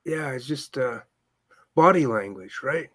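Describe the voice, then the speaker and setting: A man from Canada chatting casually on a video call, talking haltingly with restarts and soft laughs. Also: medium pitch, lively intonation, dry recording. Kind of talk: casual chat.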